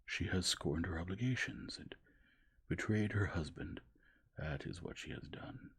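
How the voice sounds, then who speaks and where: Man playing a cold, formal aristocrat in a whispered role-play; low, airy, clipped. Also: a little slow, breathy edge, full character voice. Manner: stiff, formal, bitter. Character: cold, wounded aristocratic husband.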